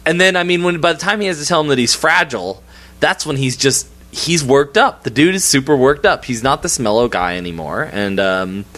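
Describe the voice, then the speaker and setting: A man's voice: medium pitch, brisk, sharp tone. A man co-hosting a casual movie podcast, enthusiastic and laughing often. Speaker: podcast co-host.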